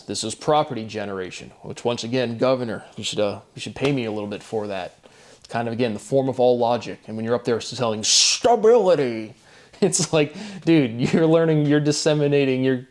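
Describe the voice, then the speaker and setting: A man talking alone to camera, musing over word derivations, slowly repeating words and chuckling at himself. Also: medium pitch, darkish tone. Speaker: solo video host.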